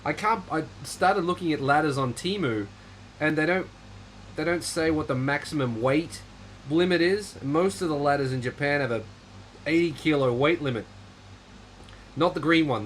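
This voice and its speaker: A man's voice: a little high, normal speed, fairly bright tone, slight background noise, rough recording. A man hosting a casual livestream chat, rambling in a dry, offhand way while reading viewer comments. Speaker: livestream host.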